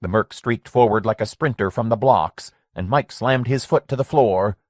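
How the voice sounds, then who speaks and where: A man narrating a horror story audiobook in a measured, steady way. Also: lowish voice, no room sound, clean studio sound. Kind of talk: scripted narration.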